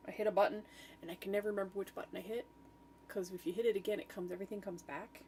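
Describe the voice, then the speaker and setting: A woman's voice: medium pitch, steady tone, quick pace, dark tone, a little hiss or hum. A woman chatting casually while she makes art, thinking aloud with trailing fillers and self-talk. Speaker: art streamer. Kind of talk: rambling casual chat while designing.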